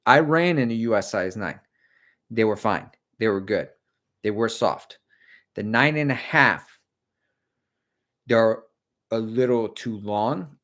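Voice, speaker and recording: A middle-aged man hosting a casual livestream, chatting and rambling as he answers viewer comments about running. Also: lowish voice. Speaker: livestream host and running coach. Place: home.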